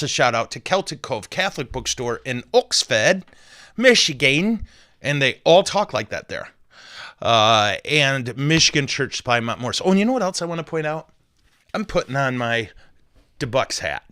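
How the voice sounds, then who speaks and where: A man's voice: medium pitch, sharp tone, smooth, no echo, clean studio sound. A man, a Catholic priest, hosting a podcast in a casual, joking, rambling way with self-deprecating asides.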